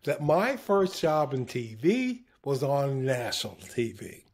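A man's voice: mid-range voice, big pitch swings, slow pace. A man guest in a casual interview, telling anecdotes, acting out quoted voices and laughing often. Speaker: interview guest, former TV broadcaster.

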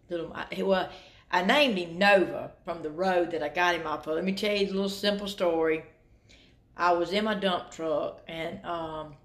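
Gravelly-voiced Southern woman vlogging. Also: on the low side, moderate pace. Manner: chatty, drawling, addresses viewers as y'all. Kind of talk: casual thrift vlog narration.

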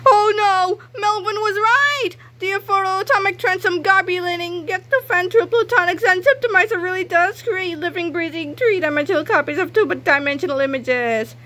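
A woman's voice: medium pitch, little pitch movement, normal speed, hardly any pauses, fairly bright tone, close to an everyday voice, rough recording. Woman voicing a jittery young schoolboy. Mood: alarmed. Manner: breathless stammering cries. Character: nervous excitable young schoolboy.

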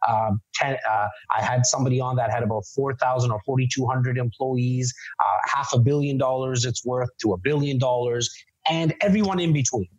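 Stammering man, husky and dry. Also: medium pitch, brisk, dry recording. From Canada. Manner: repeats words often, many false starts. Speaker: podcast guest, real estate entrepreneur. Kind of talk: casual interview talk. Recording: dry, slightly muffled lo-fi sound.

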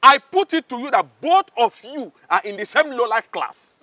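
A Nigerian actor playing an arrogant, mocking palace security chief who shouts insults. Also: male voice, sing-song, moderate pace, no echo, exaggerated voice. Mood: taunting. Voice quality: high, bright, shouting and mocking. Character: arrogant loud-mouthed male palace guard. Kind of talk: Nollywood drama acting.

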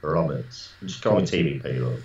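A man's voice: rumbling low, moderate pace, darkish tone, muffled recording. A man co-hosting a casual live stream, chatting in a laid-back, teasing way. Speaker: co-host.

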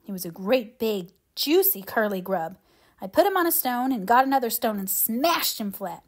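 A woman voicing an eager, excitable little boy who loves mud. She gives him a chatty, boastful delivery in a higher boyish pitch. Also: moderate pace.

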